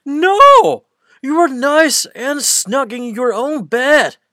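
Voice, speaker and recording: A woman voicing a gruff, sleepy big mouse who sighs and answers curtly, in a children's radio drama. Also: low-pitched, sing-song, slow pace, dry recording, clean studio sound, heavily acted. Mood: exasperated. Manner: gruff, sighing and curt. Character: grumpy sleepy big male mouse, older brother.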